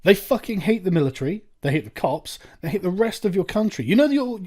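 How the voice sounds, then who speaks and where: Man, sarcastic profane rant, reaction commentary, animated pitch. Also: fairly quick. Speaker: commentary video host.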